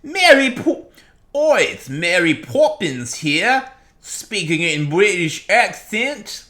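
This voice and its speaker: A man voicing a shrill mock cockney nanny, drawing out an exaggerated fake British accent. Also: sing-song, slow pace, bright, forceful tone, exaggerated voice. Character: mock cockney Mary Poppins parody, shrill.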